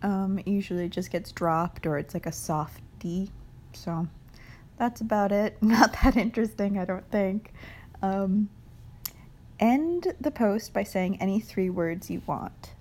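Answering an accent challenge, this young vlogger from New England talks in an unhurried, mid-range voice. She's chatty but hesitant, sprinkling in lots of fillers and light laughs along the way.

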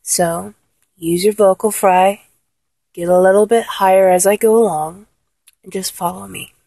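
A woman giving patient, step-by-step voice instruction in a breathy voice. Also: mid-range voice, fairly even intonation, unhurried, dark tone, no echo, low-quality recording. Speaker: vocal instructor. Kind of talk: instructional talk.

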